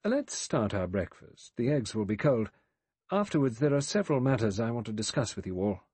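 A man's voice: medium pitch, normal speed, breathy edge, no echo, close to an everyday voice. A male narrator voicing a composed doctor who speaks easily with small hesitations. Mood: easy. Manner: easy with hesitations.

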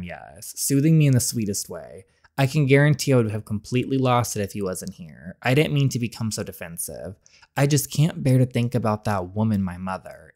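An earnest, devoted young southern woman and older sister, read aloud by a man. Her lines swing between wide pitch lifts and dips. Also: close to an everyday voice.

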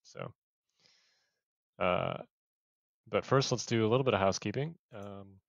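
A man's voice: lowish voice, unhurried, gravelly, dry recording, dull audio. A man hosting a casual podcast, upbeat and full of fillers. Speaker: podcast host.

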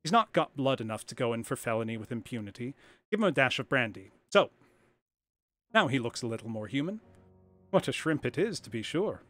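A man voicing a calm, stern male detective who speaks in a low, measured way. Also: soft background music.

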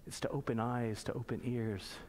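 Male pastor, mid-pitched, sermon in church; slow scripture reading, conversational explaining, rhetorical questions. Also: steady tone, darkish tone. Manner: reads scripture slowly, then explains in plain conversational asides; asks the congregation pointed rhetorical questions.

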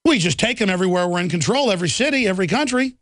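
A high-pitched male talk radio host in full combative rant, hammering his points with heat. The sound is dry and close, with no room around it. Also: expressive, racing, fairly bright tone, dry recording. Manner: heated, ranting, combative. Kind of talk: fiery political monologue.

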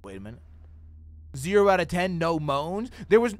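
A young man doing loud, profane let's-play commentary on a horror game, screaming at jump scares. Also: fairly high pitch, very animated, moderate pace, a little hiss or hum. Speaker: gaming streamer.

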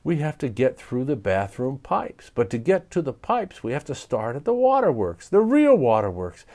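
A man's voice: medium pitch, wildly swooping pitch, normal speed, darkish tone. A man reading a storybook aloud, voicing an anxious, reluctant schoolboy who hesitates and complains. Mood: worried.

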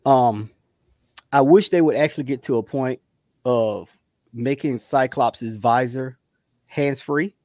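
A man's voice: mid-range voice, slow, pauses often, a little mellow, no echo. A man from the Southern United States, co-hosting a casual review chat and stressing his points with repeated words. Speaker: podcast co-host.

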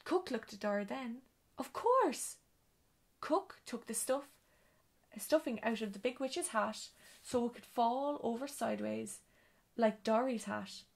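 A woman reads a children's storybook aloud, her voice gravelly and somewhat high. She reads at an ordinary pace and now and then stumbles and corrects herself. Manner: reading with occasional slips and self-corrections.

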